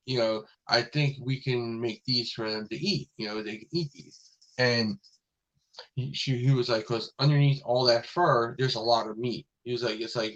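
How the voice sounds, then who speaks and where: A man's voice: fairly low pitch, a bit bright, poor audio. A man hosting a casual review show, retelling an episode in a rambling way with many fillers and restarts.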